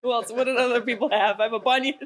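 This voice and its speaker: A woman comedian guesting on a podcast in a studio, an animated storyteller with a big laugh in casual chat. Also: on the high side, rapid-fire, a little hiss or hum.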